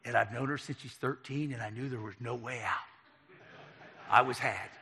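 Animated man telling a story in a hall. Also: medium pitch, moderate pace, creaky, slightly rough. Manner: animated storyteller acting out dialogue. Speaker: speaker telling his life story. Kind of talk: personal testimony talk. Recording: long hall reverb.

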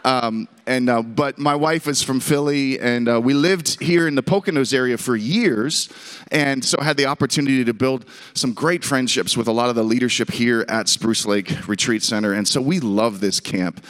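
A man in his thirties from Pittsburgh, telling a humorous personal story to a camp audience in an animated, self-deprecating way with call-and-response. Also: medium pitch, normal speed. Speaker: camp speaker. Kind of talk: storytelling sermon.

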